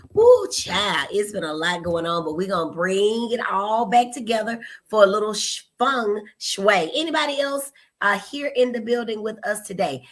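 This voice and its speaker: A woman's voice: medium pitch, fairly bright tone. A woman hosting a casual live stream, chatty and playful, greeting viewers by name and calling them y'all and honey. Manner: greets viewers by name, teasing, laughs at herself. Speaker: host, psychiatrist and pediatrician.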